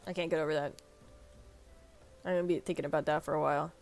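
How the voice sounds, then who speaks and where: A woman's voice: low-pitched, fairly even intonation, fast talker, gravelly, darkish tone. A woman streaming a game, talking in a rambling, joking way with casual swearing. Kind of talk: casual gaming commentary.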